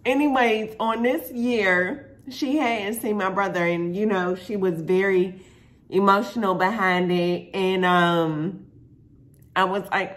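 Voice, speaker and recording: A woman's voice: mid-range voice, unhurried. A woman from Pittsburgh, Pennsylvania, telling a personal story to her viewers in a casual, chatty way, full of fillers and asides to "y'all". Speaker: vlogger.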